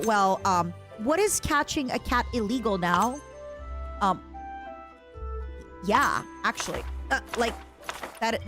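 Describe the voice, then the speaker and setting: Brief: young female streamer, bouncy and animated, rambling playful chatter to chat. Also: fairly high pitch. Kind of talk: casual live-stream gaming chatter.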